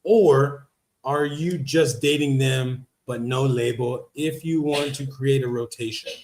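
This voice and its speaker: Slow-talking laid-back man hosting a live chat. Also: medium pitch, a little mellow, slight background noise. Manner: slangy and laid-back, calls viewers bro; reads viewer comments aloud and answers them. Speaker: livestream host. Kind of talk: casual livestream Q&A chat.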